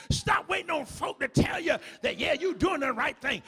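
A man preaching a sermon, shouting in rhythmic repeated lines and calling the congregation to answer their neighbors. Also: extremely high pitch, lively intonation, normal speed, creaky, few pauses. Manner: shouting call-and-response with rhythmic repetition.

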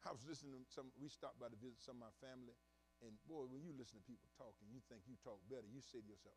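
A man's voice: mid-range voice, racing, a little mellow, faint music behind, rough recording. A man with a Southern American accent, a pastor preaching a conversational sermon with humor in a church room. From Southern United States.

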